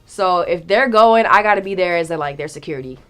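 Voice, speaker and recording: A woman's voice: fairly low pitch, quick pace, faint music behind. A young woman telling a story in a casual, slangy way, acting out the quotes with big jumps in her voice. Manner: animated, slangy, acts out quotes. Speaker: guest storyteller.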